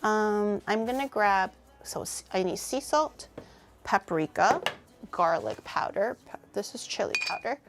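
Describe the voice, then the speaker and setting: A woman's voice: mid-range voice, lively intonation, a little slow. A young woman cooking on a livestream, chatting casually with her viewers, teasing them, swearing and laughing often. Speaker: cooking streamer.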